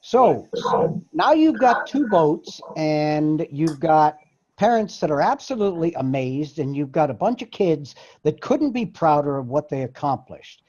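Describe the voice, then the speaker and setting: A man's voice: a little high, sing-song, measured pace, darkish tone, lo-fi sound. A man hosting a talk show, speaking emphatically and making his points with conviction. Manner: emphatic, preachy. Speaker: host. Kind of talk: casual talk show chat.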